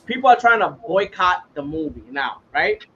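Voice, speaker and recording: A man with a high, bright, sharp-edged voice, talking on a casual podcast in a heated and profane way. The sound is dull and lo-fi, with a faint hiss underneath. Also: very animated, moderate pace. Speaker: podcast host.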